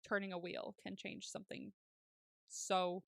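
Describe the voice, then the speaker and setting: A woman's voice: mid-range voice, level tone, unhurried, vocal fry, a bit bright, no room sound. Chatty woman podcast host, dry sound. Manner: chatty, laughs often, casual swearing. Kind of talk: casual TV recap chat.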